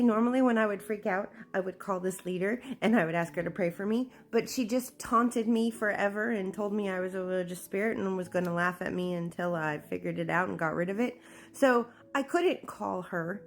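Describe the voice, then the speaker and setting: A woman telling a personal story in a candid, animated way, acting out what people said. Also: fairly low pitch. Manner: candid, animated, acts out quoted speech. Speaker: memoir narrator.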